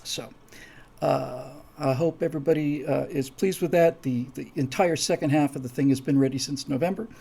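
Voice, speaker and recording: A man's voice: on the high side, moderate pace, creaky, mellow, husky. A man hosting a live stream, talking casually and rambling with many restarts and asides. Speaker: host.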